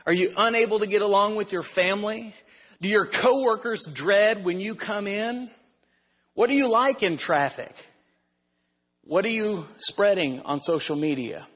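A pastor preaching a sermon in a conversational, storytelling way with rhetorical questions. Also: male voice, high voice, moderate pace, slightly rough. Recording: muffled sound in a reverberant hall.

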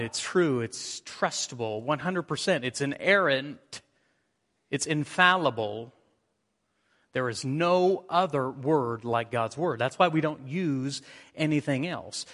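A pastor with a medium-pitched, fairly bright voice delivers a slow sermon, reading from scripture and reaching out to the congregation. The recording carries the reverb of the church sanctuary.

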